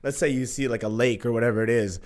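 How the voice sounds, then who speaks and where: A young man in casual chat, telling a story excitedly, swearing a lot and acting out what others said. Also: mid-range voice, quick pace. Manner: excitable, profane, acts out quotes with laughter.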